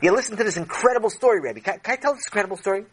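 A man voicing an excitable schoolboy who tells a story to his teacher in a children's audio story. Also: sits high, racing, breathy edge, pitched above the performer's own voice, poor audio. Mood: eager. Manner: excitable, eager.

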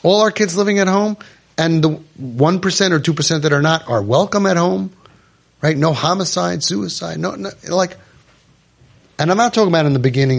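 A man leading a parent support group, speaking to a live audience in a room in a lively way with lots of fillers and acted-out quotes. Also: fairly high pitch, creaky. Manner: animated, acts out quoted voices, many fillers.

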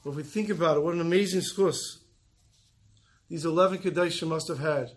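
Earnest man telling a sermon story. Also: on the high side. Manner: earnest storyteller, slows for emphasis.

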